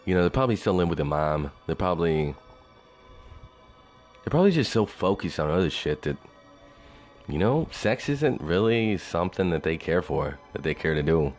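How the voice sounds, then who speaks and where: A man's voice: sits low, big pitch swings, moderate pace, long pauses, darkish tone, faint music behind. A man talking in a loose, rambling monologue, swearing freely and saying "you know" over and over. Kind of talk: casual monologue.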